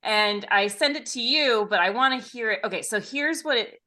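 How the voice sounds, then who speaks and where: A woman's voice: on the high side, moderate pace, sharp tone. A woman co-hosting a podcast, chatting in an easygoing, giggly way and teasing her co-host. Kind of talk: casual chat.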